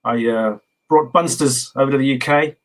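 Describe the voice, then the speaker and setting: A man from England as a guest in a casual video interview, relaxed and rambling with many fillers. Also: medium pitch, normal speed, low-quality recording.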